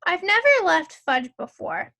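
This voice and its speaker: A woman's voice: very high-pitched, very animated, measured pace, gravelly, pushed and bright, voice pushed up, full character voice. A woman reading a storybook aloud and voicing a flustered, harried mother who sounds anxious and pleading. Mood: fretful.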